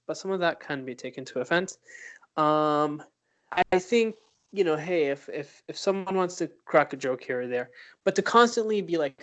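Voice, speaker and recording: A man's voice: on the high side, clear, resonant tone. Rambling male podcast co-host. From Arab background. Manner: rambling, hesitant with many fillers. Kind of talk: casual chat.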